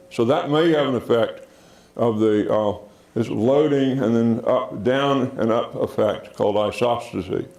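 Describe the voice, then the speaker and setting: A man lectures to a theater audience at an unhurried pace, often pausing on fillers and restarting his sentences. His voice is gravelly and dark. The room around him is echoey. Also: mid-range voice. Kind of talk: public science lecture. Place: theater auditorium.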